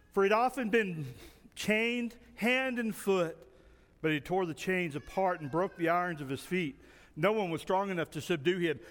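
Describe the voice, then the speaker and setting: A man with a high voice preaches in a big church whose sound rings on with long reverb. He tells his stories vividly and acts out the people in them, pausing in short phrases for an interpreter. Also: fairly bright tone. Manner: storytelling, acts out dialogue. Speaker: pastor. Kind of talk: sermon with an interpreter. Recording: long reverb in a large hall.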